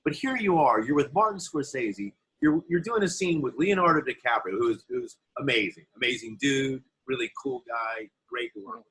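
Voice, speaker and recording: A man, an actor being interviewed, telling animated anecdotes from film sets in a casual way. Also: mid-range voice, normal speed, few pauses, rough recording. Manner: animated anecdotes, acts out quoted voices. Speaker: actor guest. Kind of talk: interview storytelling.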